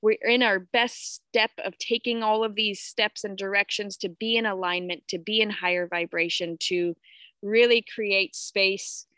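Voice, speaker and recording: A woman's voice: mid-range voice, steady tone, a little slow, pushed and bright, clean tone, dry recording. Candid swearing woman, dry close sound. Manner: candid, swears freely, greets viewers. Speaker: podcast host. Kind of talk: casual spiritual live talk.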